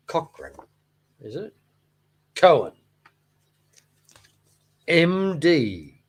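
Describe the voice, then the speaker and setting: A man with a fairly high, slightly bright voice hosts a fishkeeping channel, rambling casually while leafing through old books. He's jokey, tosses in asides, and acts out silly voices.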